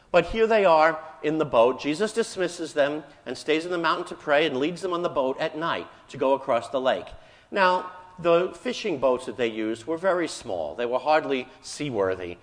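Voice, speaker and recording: A man who is a Catholic priest, preaching a homily in a conversational storytelling manner and voicing the people in his stories. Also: a little high. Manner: conversational storytelling, acting out voices in quotes. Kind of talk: sermon. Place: church. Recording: live in a church with long reverb.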